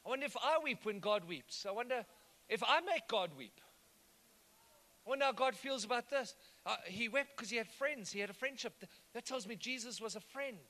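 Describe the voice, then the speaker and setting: This man preaches in a very high, animated voice that's pushed and bright, moving at a normal speed. As a pastor he talks conversationally and keeps asking his congregation if they're with him.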